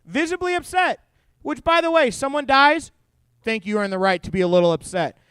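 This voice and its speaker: Young guy youth pastor, high clear voice, dry close sound, jokey animated bible talk. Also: brisk, no echo. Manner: animated storytelling with jokes and quoted voices.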